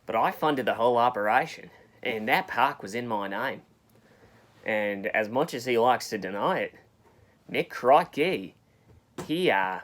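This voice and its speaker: A man's voice: on the low side, fairly bright tone. A man speaking in an offhand, rambling way as an interviewee in a comedy mockumentary. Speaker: mock documentary interviewee.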